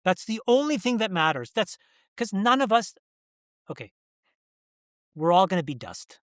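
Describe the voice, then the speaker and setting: A man's voice: high voice, very animated, normal speed, a bit bright, no echo. Emphatic man guest, dry close voice. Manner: earnest, emphatic, restarts mid-sentence. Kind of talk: candid interview conversation.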